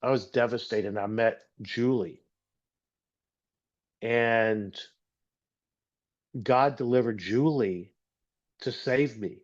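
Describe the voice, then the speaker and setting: A middle-aged Texan man with a mid-range voice shares an earnest, halting personal testimony as a guest speaker, often repeating words while he collects his thoughts. The recording sounds dull and lo-fi.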